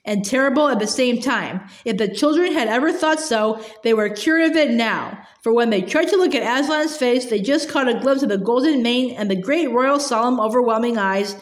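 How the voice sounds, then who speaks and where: A woman's voice: on the high side, normal speed. Hesitant woman reading a storybook aloud. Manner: hesitant, with frequent fillers and restarts. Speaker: storybook reader. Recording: roomy echo.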